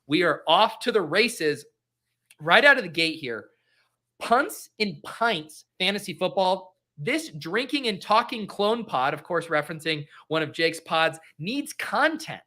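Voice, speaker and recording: A young adult man from Colorado, hosting a casual podcast interview in a chatty, upbeat way with quick asides. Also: sits high, very animated, sharp tone. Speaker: host.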